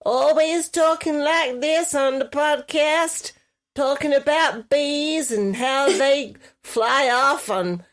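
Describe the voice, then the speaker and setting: A woman's voice: sits high, takes it slowly, pitched above the performer's own voice. A woman voicing a playful American woman, putting on a hammy Southern US accent with a drawl. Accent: put-on Southern US.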